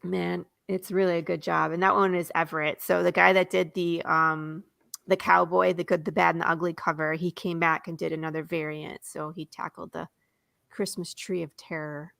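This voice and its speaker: A woman comics creator, a guest chatting casually and retelling her comic's pages in an animated way. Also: fairly low pitch, moderate pace, creaky, dry recording, clean studio sound. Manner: animated storyteller, voices characters, laughs often.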